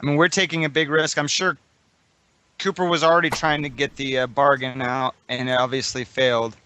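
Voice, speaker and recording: A man playing a tabletop role-playing game, talking through the risks in a measured way. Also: medium pitch, little pitch movement, bright, forceful tone, clear, resonant tone. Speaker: player. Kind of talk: casual tabletop play.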